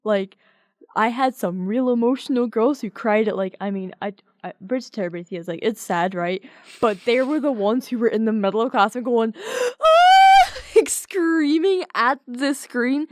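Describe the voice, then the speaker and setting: Giggly high-voiced Irish woman. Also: moderate pace, dry recording, clean studio sound. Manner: giggly, swears casually, animated storytelling. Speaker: podcast co-host. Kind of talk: casual chat.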